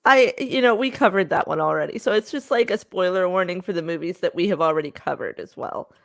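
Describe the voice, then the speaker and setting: A woman's voice: on the low side, fast, gravelly. A woman co-hosting a horror film podcast, chatting casually with many fillers, restarts and frequent giggles. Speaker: podcast co-host. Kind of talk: casual chat.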